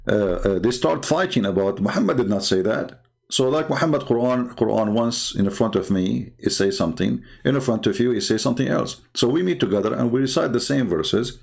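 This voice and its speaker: A man talks into a desk mic on a livestream, his voice rough and gravelly. He argues with himself, throws out rhetorical questions and stumbles through fillers as he searches for words. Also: mid-range voice, animated, normal speed, a little mellow. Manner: argumentative, repeats rhetorical questions, frequent filler. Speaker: online show host. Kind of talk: livestream commentary on religious texts.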